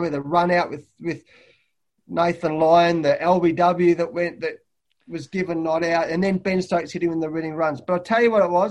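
Australian man, high voice, energetic anecdotes, podcast guest, head coach. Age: middle-aged. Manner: lively anecdotes, acting out quotes loudly. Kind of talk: animated storytelling in a podcast interview. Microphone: remote call.

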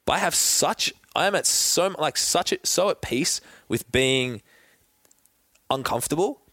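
A man's voice: a little high, animated, unhurried, sharp tone, dry recording. A young Australian man chatting casually as a podcast guest, laid-back, swearing freely and talking in long run-on thoughts. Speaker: guest athlete.

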